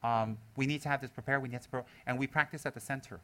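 A man, a Buddhist teacher, giving a humorous talk to his students, laughing often and mimicking people in squeaky voices. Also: steady tone, fast talker, pushed and bright.

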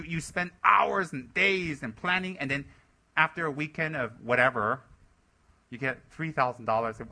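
A man's voice: fairly high pitch, lively intonation, a little fast, pushed and bright. A man, a Buddhist teacher, giving a dharma talk to his center's members, exhorting and scolding them and mocking their excuses in put-on voices.

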